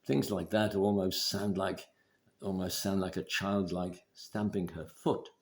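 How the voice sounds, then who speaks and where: A man giving relationship advice in a measured, deliberate instructional talk. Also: deep voice. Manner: measured, deliberate, steady explaining.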